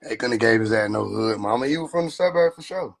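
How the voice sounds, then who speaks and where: A young man hosting a casual livestream, riffing in a rambling, profane, joking way with a husky voice into a phone mic. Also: mid-range voice, expressive, fast. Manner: rambling, profane, laughing banter. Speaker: livestream host.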